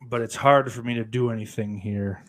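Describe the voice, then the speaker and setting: A man's voice: medium pitch, fairly even intonation, moderate pace. A man from the United States chats loosely on his livestream, swearing freely and trailing off into fillers. He swings into mock outbursts at his viewers, then drifts back to an easy, rambling tone. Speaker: livestream host reading chat. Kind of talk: casual livestream chat.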